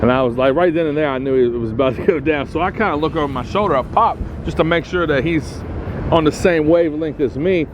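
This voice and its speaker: Dude, kinda high voice, cussing through hometown stories outside, faint street noise. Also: male voice, fast talker, highs cut off. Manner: profane, animated storyteller who acts out quoted voices. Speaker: podcast host. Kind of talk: casual storytelling on a walking tour. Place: outdoors on a town street.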